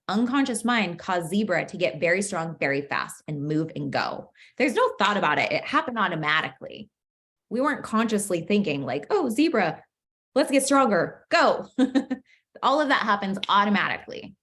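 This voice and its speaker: A young adult woman coaching a masterclass in a chatty, playful way, laughing often and saying "like" a lot. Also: medium pitch. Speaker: manifestation coach. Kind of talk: casual masterclass teaching.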